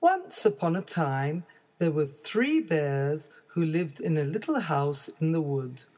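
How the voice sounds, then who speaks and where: A woman narrating a children's story clearly and deliberately, as a read-aloud for learners. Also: low-pitched, very animated, a little mellow.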